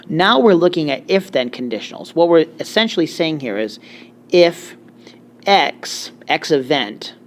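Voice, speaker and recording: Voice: mid-range voice, a little hiss or hum. A Spanish teacher giving a recorded grammar lecture, explaining step by step with joking asides.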